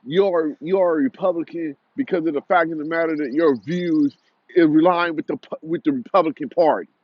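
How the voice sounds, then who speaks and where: A man's voice: on the high side, fairly quick, dry recording. Heated young man ranting, lo-fi. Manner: heated, repetitive, confrontational. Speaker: commentator. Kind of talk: angry commentary rant.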